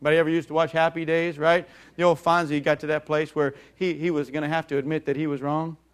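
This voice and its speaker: Middle-aged guy pastor preaching, lively storyteller, chuckles a lot, kinda high voice. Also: quick pace, clean tone. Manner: animated, jumps into voices, chuckles often. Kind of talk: sermon with storytelling.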